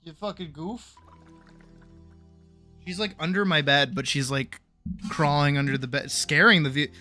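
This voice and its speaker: A man's voice: fairly high pitch, measured pace, sharp tone, soft background music. A man streaming a game, chatting casually at a desk mic in a giggly, rambling, self-teasing way.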